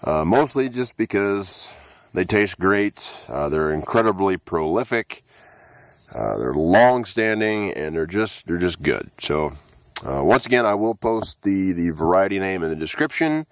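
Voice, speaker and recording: A deep-voiced man strolls through his garden and chats to the camera. He talks easily and unhurriedly, dotting his sentences with "uh". The sound is dry and close, caught on the camera's own mic outdoors. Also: very animated, a little slow, no room sound. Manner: easygoing, frequent "uh" fillers. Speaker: gardening channel host. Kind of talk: casual garden walkthrough vlog. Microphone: handheld camera mic.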